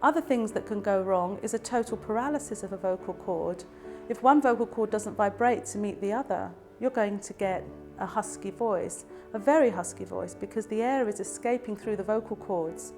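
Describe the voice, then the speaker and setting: Calm woman explaining clearly. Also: mid-range voice, moderate pace, soft background music. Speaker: speech and language therapist. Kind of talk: explanatory educational talk to camera.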